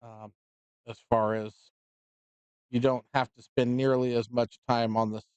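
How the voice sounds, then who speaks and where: A man's voice: medium pitch, level tone, measured pace, a little mellow, clean tone, no echo, dull audio. A man giving casual, dry-humored commentary on a pool match.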